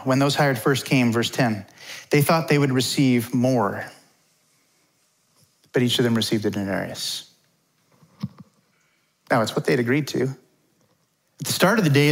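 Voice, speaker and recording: A middle-aged man preaching a conversational sermon as pastor, informal and chatty. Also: medium pitch. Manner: informal, chatty, acts out quotes.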